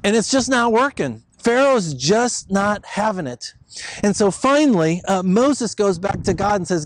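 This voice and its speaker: A man's voice: high voice, lively intonation, unhurried, slight background noise, poor audio. A male pastor retelling a story in a casual, conversational sermon, with fillers and asides.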